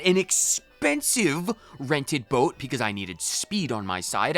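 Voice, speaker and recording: An exasperated man rants in character while he plays a game, his pitch leaping up and down. His voice is bright and forward. Faint game music plays underneath. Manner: exasperated, ranting. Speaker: let's play streamer. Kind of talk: in-character role-play commentary.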